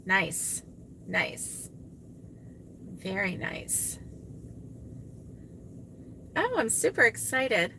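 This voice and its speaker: A woman's voice: mid-range voice, sing-song, extremely slow, creaky, pauses often, sharp tone, a little hiss or hum. A woman hosting a crochet live stream, chatting casually with viewers and reading out their comments, gushing and exclaiming often. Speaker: crochet channel host reading live chat.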